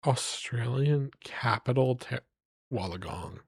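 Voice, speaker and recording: A man's voice: mid-range voice, animated, slow, gravelly, slightly rough, no room sound, studio quality. Rambling man streaming live. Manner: rambling, playful, reading place names aloud to chat. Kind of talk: casual live-stream chat.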